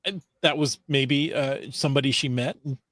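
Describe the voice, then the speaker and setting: A man's voice: medium pitch, steady tone, moderate pace, a bit bright, no echo. Dry, understated man co-hosting a podcast. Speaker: podcast co-host. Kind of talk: casual podcast chat, reading listener comments.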